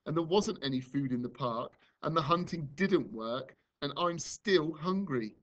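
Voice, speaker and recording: A man's voice: on the high side, expressive, a little slow, fairly bright tone, highs cut off, pitched above the performer's own voice. A man doing a bubbly, ever-hungry young female cat. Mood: pleading.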